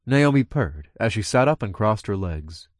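A man's voice: on the low side, very animated, normal speed, no room sound, clean studio sound. Man reading a first-person audiobook. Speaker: audiobook narrator.

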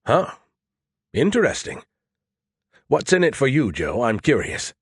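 A man's voice: mid-range voice, wildly swooping pitch, unhurried, husky, no room sound, clean studio sound, heavily acted. A man voicing a snarky, self-important male artificial intelligence in an audiobook, talking in a teasing, flippant way. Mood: curious. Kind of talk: audiobook character voice.

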